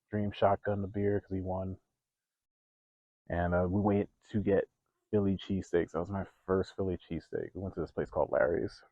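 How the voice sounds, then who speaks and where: A young man telling stories from his life in a casual vlog, animated, laughing and growing loud when excited. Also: sits low, dry recording, narrow, tinny audio. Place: outdoors.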